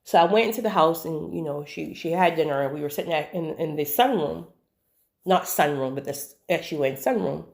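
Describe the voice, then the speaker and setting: A woman telling a personal story in a casual, animated monologue, often repeating words for emphasis and speaking straight to the viewer. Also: sits low, fairly quick, creaky.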